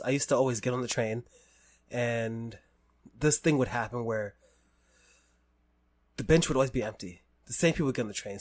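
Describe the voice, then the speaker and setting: An American man hosts a podcast in loose, casual conversation. He speaks at an ordinary middle pitch, telling long personal stories and laughing easily along the way. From United States. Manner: animated, laughs often, talks in long stories. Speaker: podcast host. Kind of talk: casual chat.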